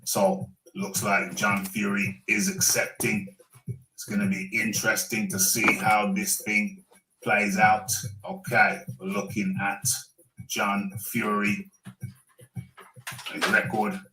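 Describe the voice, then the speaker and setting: A man's voice: on the low side, level tone, slow pace, reverberant, music in the background, poor audio. A male boxing talk show host giving laid-back, wry running commentary in a recorded segment.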